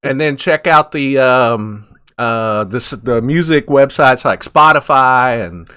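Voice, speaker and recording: A man's voice: medium pitch, a little slow, bright, forceful tone, smooth, no room sound. Folksy Texan man, dry close sound. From Texas. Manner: joking, folksy. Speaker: co-host. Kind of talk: casual interview chat.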